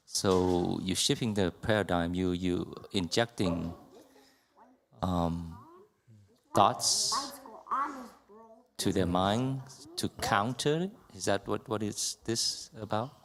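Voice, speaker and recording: Deep, slow, gravelly male student. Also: animated, fairly bright tone. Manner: hesitant, searching, with fillers and restarts. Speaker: student asking a question. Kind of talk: question from the audience.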